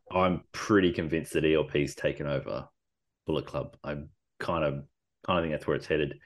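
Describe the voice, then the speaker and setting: A man with a very low voice talks in a loose, rambling way. He piles up fillers and drops the odd swear word as he chats casually on a podcast. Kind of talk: casual chat.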